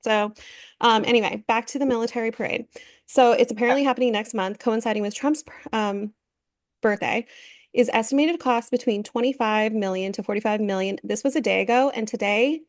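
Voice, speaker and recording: A woman's voice: a little high, fairly quick, no echo, studio quality. A woman in her thirties co-hosting a casual podcast, talking in a blunt, sarcastic way. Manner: sarcastic, blunt, animated storytelling. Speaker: podcast co-host. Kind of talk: casual chat.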